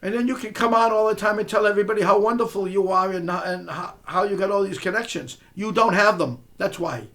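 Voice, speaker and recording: A man's voice: high voice, a little fast, few pauses, a bit bright. A man delivering a confrontational monologue, scolding and mocking someone he speaks to directly. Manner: sarcastic, mocking. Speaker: online commentator.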